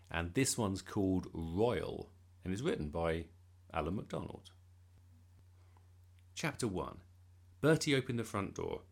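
A man reading a bedtime story aloud in a lively, expressive storytelling manner. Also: low-pitched. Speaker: children's story reader.

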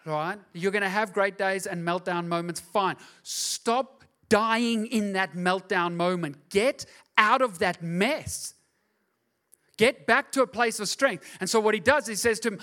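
A man pastor preaching a lively sermon in church, dropping to soft asides and rising to loud urging, acting out quoted dialogue. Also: sits high, measured pace. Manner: acts out voices in quoted dialogue. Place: church service.

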